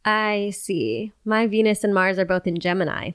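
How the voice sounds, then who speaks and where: A woman's voice: medium pitch, moderate pace, smooth, no room sound, studio quality. A woman in her twenties hosting a casual podcast chat with a friend on her couch, laughing often and swearing casually. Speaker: podcast host. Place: apartment living room, on a couch.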